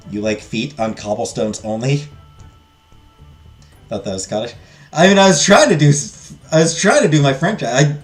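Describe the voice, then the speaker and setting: A man hosting a let's play, reading a game's text aloud and joking with viewers in casual asides. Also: mid-range voice.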